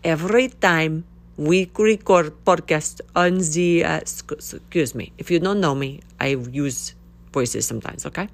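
Excitable woman podcast host. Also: low-pitched, unhurried, creaky. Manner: excitable, shouty greetings, animated and preachy. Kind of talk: casual faith podcast talk.

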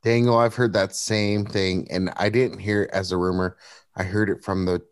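A man on a political podcast speaks with outrage, tripping over his words as he searches for what to say. His voice sits somewhat low. The recording is dry and close. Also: flat delivery, normal speed, no echo.

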